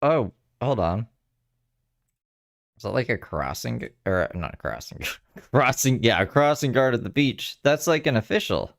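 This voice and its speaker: A man's voice: medium pitch, sing-song, normal speed, vocal fry, no room sound, clean studio sound. A man giving casual, chatty commentary on a livestream, swearing and laughing as he goes. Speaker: streamer reacting to a livestream. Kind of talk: casual live reaction commentary.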